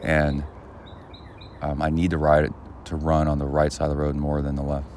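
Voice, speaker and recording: A man hosting his own podcast in casual solo chat outdoors by a pool, rambling and halting with lots of fillers. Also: a bass voice, completely flat delivery, darkish tone, a little hiss or hum. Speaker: podcast host.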